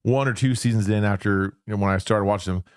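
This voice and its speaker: A man's voice: lowish voice, fairly even intonation, fast talker, clear, resonant tone, dry recording. A man co-hosting a podcast in casual chat, rambling, swearing freely and trailing off mid-thought. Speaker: podcast co-host.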